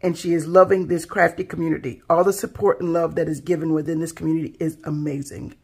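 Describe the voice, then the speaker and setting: A woman with a husky, slightly gravelly voice talks softly to her viewers as she unboxes handmade craft pieces. She gushes over every detail in a relaxed, casual way, her words trailing off into quiet admiration. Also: low voice, quick pace. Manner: soft-spoken, gushing, admiring. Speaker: craft channel host.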